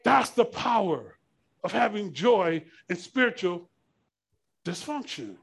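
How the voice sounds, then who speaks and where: A man preaching a sermon, climbing into shouts and asking the congregation to finish the verses. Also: high voice, very animated, slow, gravelly, breathy edge. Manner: preaching with rising shouts and call-and-response questions. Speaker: pastor.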